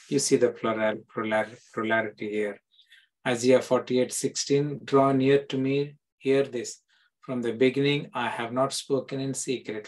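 A man's voice: mid-range voice, poor audio. A middle-aged male pastor giving a Bible-teaching sermon, reading scripture verses aloud and explaining them, with frequent restarts.

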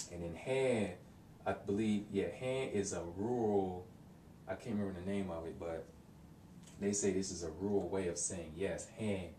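A man casually explaining vocabulary from his study notes, thinking aloud with many pauses and ums, recorded in a room from a distance. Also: low voice, warm tone, slight background noise. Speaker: language learner explaining vocabulary. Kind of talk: casual self-recorded lesson. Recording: roomy, distant mic with faint ambience.

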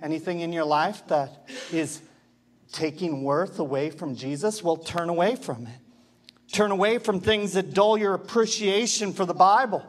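A man's voice: sits high, normal speed. A male pastor giving an impassioned sermon, asking the congregation rhetorical questions. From Canada.

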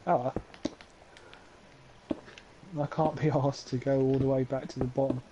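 A man's voice: medium pitch, flat delivery, a little slow. A man streaming a block-building game, chatting in a laid-back, joking way with a friend. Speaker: gaming streamer. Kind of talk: casual let's-play chat. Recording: muffled, lo-fi stream audio with clear background noise.

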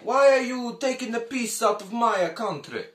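A man voicing an indignant, swearing Italian man with a put-on Italian accent and a slow, scolding delivery. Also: very high voice, expressive, fairly bright tone, roomy sound. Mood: offended.

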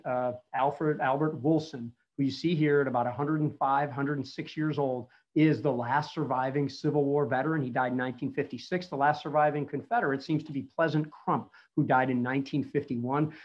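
A man in his fifties with a somewhat high voice speaks about battlefield preservation in a conversational online history talk. His rambling, chatty storytelling is laced with frequent fillers, heard over a dull video call line with muffled lo-fi audio.

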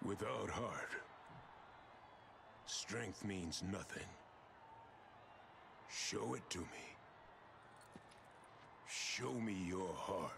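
A calm old kung fu master with a very deep, gravelly voice for a fighting game. He speaks with slow, solemn weight over soft game music. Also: background noise, exaggerated voice. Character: calm old male martial arts master. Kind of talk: video game character dialogue.

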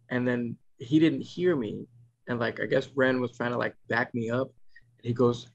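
A man's voice: medium pitch, steady tone, moderate pace. A man in his thirties hosting a casual podcast, rambling through a family story with restarts and mimicking his kids. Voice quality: gravelly. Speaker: podcast host. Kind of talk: casual chat. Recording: dull lo-fi podcast sound.

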